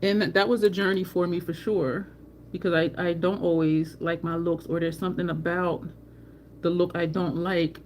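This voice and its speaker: A woman's voice: lowish voice, flat delivery, moderate pace, a little mellow, a little hiss or hum. A middle-aged woman from New Jersey with a New Jersey accent, hosting a makeup livestream in a blunt, candid and profane casual chat. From New Jersey, USA. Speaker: makeup channel host.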